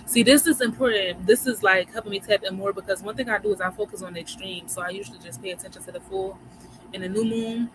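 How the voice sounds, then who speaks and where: A woman's voice: medium pitch, quick pace. A woman from Philadelphia with a Philly accent, hosting a livestream in a chatty, slangy way, talking straight to her viewers about moon phases. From Philadelphia, USA. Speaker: livestream host. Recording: clear background noise.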